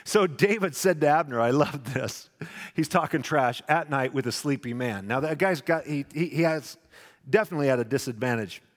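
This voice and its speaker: A man preaching a sermon, dramatic, acting out the quotes loudly and then dropping to a hush. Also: mid-range voice, moderate pace. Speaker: pastor. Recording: long echoing reverb of a large hall.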